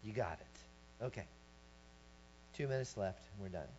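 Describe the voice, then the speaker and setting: A man preaching a sermon, telling a personal story and rising to loud shouts as he acts it out. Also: on the low side, expressive, measured pace. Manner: storytelling, swelling to shouts when acting out his story. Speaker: pastor. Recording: dull lo-fi recording with mains hum.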